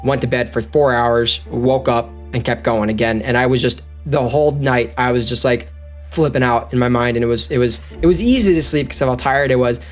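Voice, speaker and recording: A man telling a story as a podcast guest, animated and excitable, talking straight to the listeners. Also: mid-range voice, fairly quick, soft background music. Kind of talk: casual storytelling.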